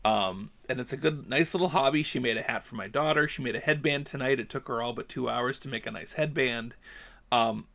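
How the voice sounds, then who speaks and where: On a podcast, a man casually tells a story, acting out the dialogue and growing more animated until he gets heated. His mid-range voice is creaky and brisk.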